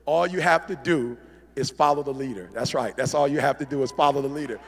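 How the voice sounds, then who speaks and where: A middle-aged man giving a motivational convention speech in a preacherly style, building from quiet to shouted fervor. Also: mid-range voice, a little fast, vocal fry, some chatter behind. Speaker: motivational speaker. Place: large convention hall. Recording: live hall reverb.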